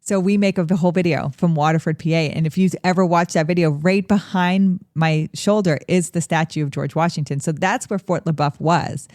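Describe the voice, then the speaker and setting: A woman's voice: fairly low pitch, steady tone, brisk, hardly any pauses, a little mellow, no echo, clean studio sound. A woman co-hosting a history podcast, explaining events in a casual, storytelling way.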